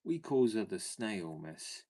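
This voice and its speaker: A friendly, gabby railway porter with a broad country dialect, as a man puts him on for a storybook. He rambles along in a homely way, his voice sitting very low. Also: big pitch swings, takes it slowly, mellow, exaggerated voice. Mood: chatty. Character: chatty working-class male railway porter.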